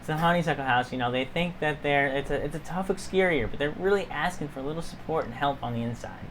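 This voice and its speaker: Gm doing a strict older-sister lady lecturing a kid about respect, middle pitch. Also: fast talker, background noise, lightly acted. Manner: scolding, lecturing. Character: stern big-sisterly woman, strict disciplinarian.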